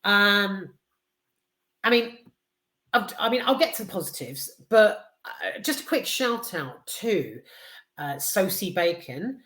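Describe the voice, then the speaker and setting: A woman's voice: medium pitch, very animated, slow pace, pauses often, bright, forceful tone. A woman giving a casual, enthusiastic film review, rambling and hesitant with lots of fillers, restarts and casual swearing. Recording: roomy echo.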